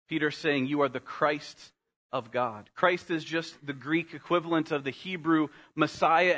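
Earnest preacher man, slightly high voice. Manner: earnest, slows down and drops softly on key phrases; addresses congregation as "guys". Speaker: pastor. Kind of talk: sermon.

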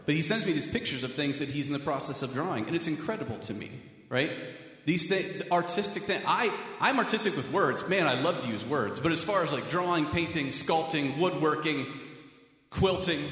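A man's voice: medium pitch, fairly bright tone. Earnest male pastor in an echoey hall. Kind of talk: sermon. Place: church sanctuary with a mural.

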